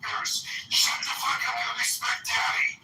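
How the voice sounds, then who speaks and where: A man heckling in an online voice chat room with a crude, erratic, yelling rant. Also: unhurried. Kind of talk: shouted trolling rant. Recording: roomy distant audio with music behind.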